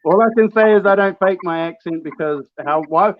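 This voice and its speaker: A man's voice: high voice, fairly quick. A man calling into a show, talking bluntly and casually with some swearing. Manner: blunt, profane, unbothered. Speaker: caller. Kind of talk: casual call-in chat. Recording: dull lo-fi call audio.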